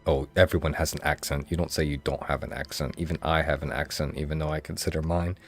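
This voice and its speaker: A man's voice: rumbling low, level tone, fast talker, soft background music. A man with a Mid-Atlantic American accent giving casual, chatty gameplay commentary as a streamer. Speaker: game streamer.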